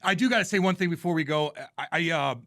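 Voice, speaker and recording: A man in his thirties co-hosting a podcast, talking bluntly and joking around with loose swearing. His voice sits somewhat high. The recording is dry and close to the mic. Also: fast, sharp tone, no echo. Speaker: podcast co-host, former hockey player. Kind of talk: casual chat.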